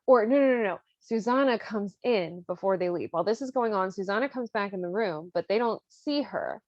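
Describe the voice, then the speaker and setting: Casual podcast host, woman, swears freely, mid pitch, dull dry recording. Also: fairly quick, dry recording. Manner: loose and profane, peppered with "like". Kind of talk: casual chat retelling an opera plot.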